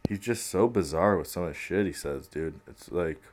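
A man's voice: deep voice, moderate pace, darkish tone. A young man hosting a podcast, giving rambling casual commentary on the news, laughing often and swearing. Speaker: podcast host.

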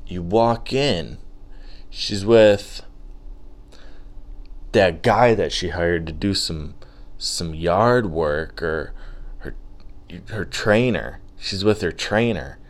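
A man's voice: low voice, lively intonation, slow pace. A man hosting a podcast, riffing through a profane, self-mocking comedy monologue. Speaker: podcast host.

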